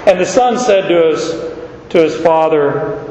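Man, pastor, conversational sermon with asides, slow, echoey hall, dull sound. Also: on the high side, a little mellow, a little hiss or hum. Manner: conversational, explaining with asides and repeated words. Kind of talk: expository sermon.

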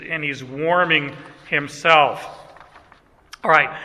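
A male pastor preaches in a folksy, self-deprecating way, stopping to restart his phrases. His voice sits high and sounds very bright. The words carry a long echo through a church hall. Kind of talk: sermon. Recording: echoey hall.

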